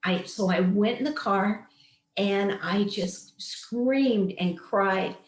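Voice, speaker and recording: A woman's voice: medium pitch, slow, echoey room. A woman in her late fifties, a wellness coach telling a personal story in an earnest, emphatic, inspirational way before leading a meditation. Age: 50s. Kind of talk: heartfelt storytelling and coaching talk.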